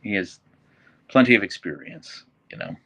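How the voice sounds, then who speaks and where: Easygoing male stream host, gravelly fry, animated pitch, reads comments off his phone. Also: moderate pace. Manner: chatty, easygoing, talks to his dogs between comments. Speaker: livestream host. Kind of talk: casual live chat reading viewer comments.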